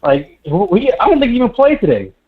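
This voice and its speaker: A young man calling in to a sports show, ranting, stuttering in his anger and breaking into near-shouts. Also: sing-song, fast talker, over a noisy crowd. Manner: frantic, stuttering, pitch leaping into shouts. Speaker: caller. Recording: dull lo-fi call audio.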